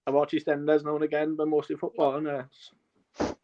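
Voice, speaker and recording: Laid-back guest, lo-fi sound. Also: male voice, on the high side, monotone, normal speed, mellow. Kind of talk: casual podcast banter. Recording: dull lo-fi sound.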